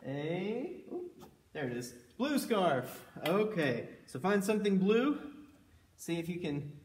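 A man leading a children's music session, playful and animated, singing and whooping with the kids. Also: sits high, takes it slowly, roomy sound, distant mic, a little hiss or hum. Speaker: children's library music leader. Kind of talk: children's sing-along lesson. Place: library room.

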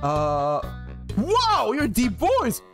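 A man streaming a video game live, chatting excitably to his viewers with lots of laughs and stumbling restarts. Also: very high-pitched, extremely slow. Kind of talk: livestream gaming commentary. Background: game music.

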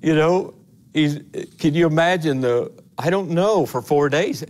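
A man's voice: fairly high pitch, unhurried, darkish tone. A man, an assistant pastor giving a conversational sermon in a church, earnest and folksy, rising to emphatic passages. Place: church sanctuary.

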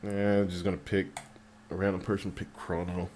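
A man casually commentating his mobile game as he plays, getting excited and swearing at the game when it annoys him. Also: deep voice, normal speed, a little hiss or hum. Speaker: mobile game player narrating gameplay.

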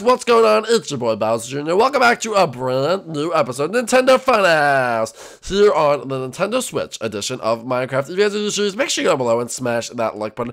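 Man playing a young koopa prince, excitable, jittery, gravelly, high lively voice. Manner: energetic, quick to panic, stammering. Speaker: YouTube host of a Minecraft role-play series. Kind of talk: Minecraft role-play vlog.

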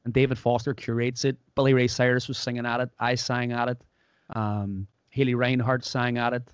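Speaking fairly quickly, an Irish podcast host tells stories in a casual chat and performs the quotes with lively character voices. His mid-pitched voice has a clean tone, though the dry audio sounds dull.

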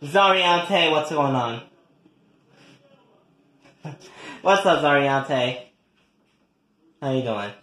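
Brief: a man playing a profane, brash young daughter, high-pitched, in an echoey room. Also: lively intonation, takes it slowly, fairly bright tone. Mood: casual. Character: loud furious young adult daughter. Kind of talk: comedy skit acting.

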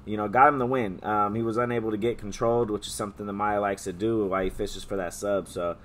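A man from California, a podcast co-host, talking in casual chat with a hoarse voice that he is losing, halting often with many fillers and restarts. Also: on the low side, steady tone. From Stockton, California. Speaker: podcast co-host, MMA betting picks.

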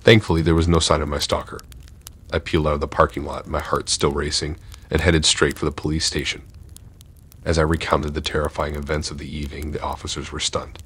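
A man reading a first-person horror story in a measured, tense storytelling manner. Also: very deep voice, flat delivery, fairly bright tone, husky.

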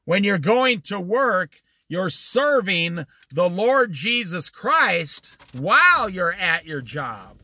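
Heard with no echo, a high-pitched middle-aged man runs an informal Bible study. His storytelling is folksy and lively, marked by slow, emphatic stresses.

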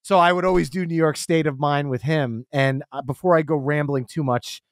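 Speaking on the high side and fairly quickly, this forties-aged podcast guest is an animated storyteller who performs other people's quotes during casual chat. The sound is clean and studio-dry.

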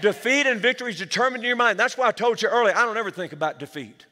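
A man's voice: high-pitched, rapid-fire, sharp tone. A man preaching a sermon as pastor, with energy, calling the church for amens. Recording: long hall reverb.

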